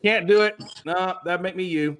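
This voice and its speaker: A man's voice: moderate pace, clean tone. A man co-hosting a casual sports talk show, bantering and teasing the others with big swings in his delivery. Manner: teasing, laughing, animated swings in pitch. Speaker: podcast co-host. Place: lives in Houston.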